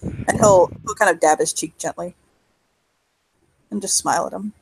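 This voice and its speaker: A role-player narrating a scene and reading vows in a gentle, somewhat hesitant way. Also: medium pitch, normal speed, gravelly, breathy edge, dry recording, rough recording.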